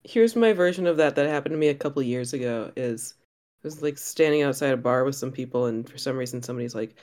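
A woman's voice: extremely low pitch, quick pace, darkish tone. Laid-back woman podcast co-host. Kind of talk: casual chat.

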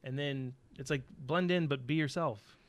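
A man's voice: mid-range voice, normal speed, no echo, lo-fi sound. A man chatting casually through a questionnaire, with dry teasing one-liners. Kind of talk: casual chat, answering a questionnaire together.

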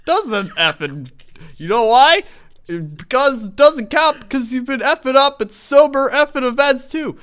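A man's voice: very high-pitched, animated, measured pace, a bit bright, smooth. A man giving an exaggerated comedic reading of an angry email, swapping curse words for "effing" and breaking into laughter now and then. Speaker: reader of a viral email. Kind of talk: dramatic comedic reading aloud.

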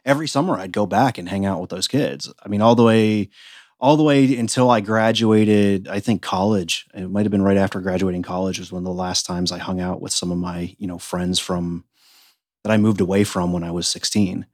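Soft-spoken reflective man, dry sound. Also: sits low, fairly even intonation, a little fast, dry recording. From United States. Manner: reflective, earnest storytelling. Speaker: podcast guest. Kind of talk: casual interview conversation.

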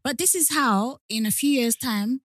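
A woman co-hosting a podcast, calm and thoughtful, often agreeing. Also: on the high side, normal speed, dry recording, clean studio sound. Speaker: podcast co-host. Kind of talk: casual chat.

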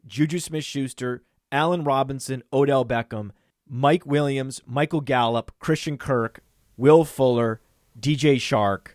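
A man in the middle of his register co-hosts a casual podcast, excitable and quick to reel off long lists of names and figures. He pokes fun at himself as he goes. The sound is dry and close, with no room around it. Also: mid-range voice, dry recording. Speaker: podcast co-host.

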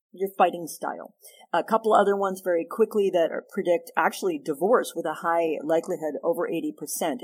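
A middle-aged woman therapist speaking as a podcast guest, animated and emphatic, teaching with self-deprecating asides. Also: lowish voice, slightly rough. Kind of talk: podcast interview.

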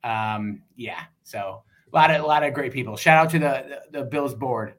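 A man with a Western New York accent, chatting casually as a fan club president on a podcast, relaxed and quick to laugh. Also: mid-range voice. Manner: relaxed, laughs easily, many fillers.

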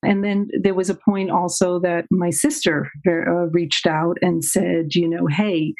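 A woman's voice: on the low side, flat delivery, a little slow, poor audio. An older woman, a therapist guest telling her story in an interview, with frequent laughs and fillers. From Queens, New York. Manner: warm, laughs often, many fillers.

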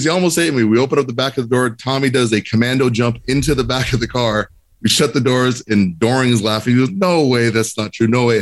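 A man on a podcast telling a comic anecdote with lively, building tension. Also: lowish voice. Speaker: podcast co-host telling a story. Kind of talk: animated anecdote.

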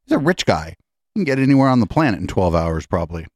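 A man's voice: fairly low pitch, big pitch swings, fast, no echo, clean studio sound. A man hosting a podcast, mocking and profane, reacting incredulously to political clips. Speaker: podcast host. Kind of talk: sarcastic political commentary on clips.

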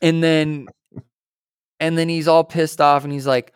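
A young man co-hosting a podcast, telling a story in a lively way, acting out other people's lines and swearing casually. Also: a little high, unhurried, smooth, dry recording, studio quality. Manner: animated storyteller, acts out quoted voices, swears casually. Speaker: podcast co-host.

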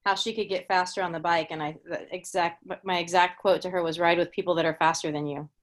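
A woman co-hosting a podcast interview, relaxed and agreeable in a casual way. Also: on the low side, fast talker.

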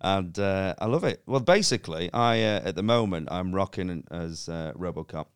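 A man, a podcast guest, telling stories in casual chat with laughs and high-pitched mimicry. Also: normal speed, clean tone, no room sound, clean studio sound. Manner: animated storytelling, laughing, mimicking high voices. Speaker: guest comedian.

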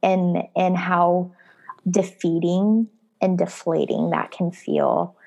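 A woman in her twenties or thirties who talks very slowly, with a gravelly fry in her lower voice. She coaches runners and hosts the chat, thinking aloud and softly repeating her words. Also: fairly even intonation. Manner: slow, reflective, repeats phrases softly. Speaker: running coach and podcast host. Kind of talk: casual conversation.

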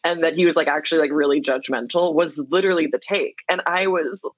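A woman's voice: low voice, quick pace, no echo, highs cut off. A woman songwriter as a podcast guest, talking in a reflective, candid way and using lots of "like" fillers. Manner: reflective, filler-heavy, frequent laughs. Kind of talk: candid interview conversation.

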